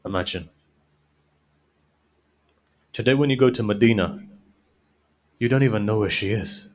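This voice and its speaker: A man delivering a mourning sermon, narrating stories with quoted dialogue. He moves from quiet storytelling to a high, loud, wailing climax. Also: unhurried, rough recording. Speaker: preacher.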